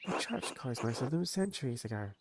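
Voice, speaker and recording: A man comments on a story game as he plays, slipping into joking, rambling asides. His voice has a gravelly, fry-laden edge. A clear, steady noise sits under the recording, mixed with game birdsong. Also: medium pitch, fairly quick. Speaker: streamer.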